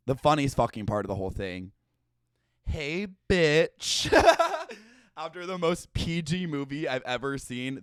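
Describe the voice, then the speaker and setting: A man's voice: on the high side, a bit bright, clear, resonant tone, no room sound, studio quality. A young man hosting a podcast, rambling through a casual comedic monologue with heavy swearing and constant "like" fillers. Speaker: podcast host.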